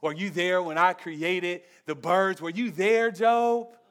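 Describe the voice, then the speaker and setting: A preacher voicing God as a calm, smooth, majestic male voice posing slow questions. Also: high-pitched, pitched below the performer's own voice. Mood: calm, commanding.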